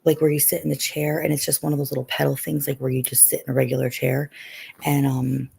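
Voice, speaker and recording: A woman's voice: a bass voice, little pitch movement, fast, creaky, a little mellow, breathy edge. A middle-aged woman hosting a live stream, chatting casually with viewers and often saying "you know".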